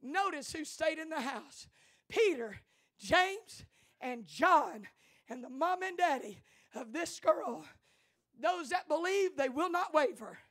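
A woman pastor, preaching a sermon in church with impassioned, rising delivery that builds to shouts. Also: sits high, lively intonation, takes it slowly.

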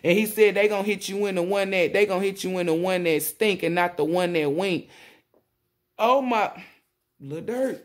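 A woman tarot reader talking casually to viewers, rambling and excitable, often exclaiming and relaying messages in blunt slang with swearing. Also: medium pitch, moderate pace. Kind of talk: casual spiritual reading to viewers.

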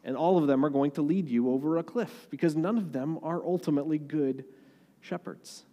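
A male pastor delivers an earnest, conversational sermon in a slightly high voice. The sound trails off in a long hall reverb. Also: normal speed, dark tone, dull audio.

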